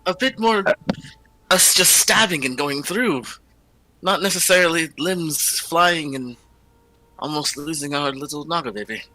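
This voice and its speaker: A man's voice: fairly high pitch, a little slow, pushed and bright, dry recording, poor audio. A man playing a tabletop game, talking in a playful way. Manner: playful, laughing. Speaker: player.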